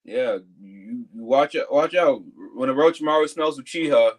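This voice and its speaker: A man's voice: mid-range voice, moderate pace, poor audio. A man co-hosting a live fan review show, chatting casually and animatedly, jumping into quoted voices. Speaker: co-host.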